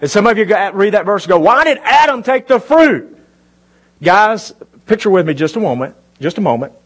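A man preaching a sermon to a congregation in a church, talking conversationally and asking them questions. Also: sits high. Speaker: pastor. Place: church before a live congregation.

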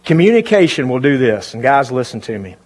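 A man's voice: medium pitch, sing-song, a little fast. A man preaching a sermon to a congregation in a church, talking conversationally and asking them questions. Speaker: pastor. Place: church before a live congregation.

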